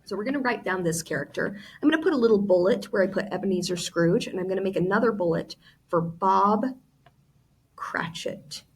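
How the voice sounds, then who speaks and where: A woman's voice: mid-range voice, brisk, slight background noise. A woman teacher explaining vocabulary during a classroom read-aloud, addressing students directly.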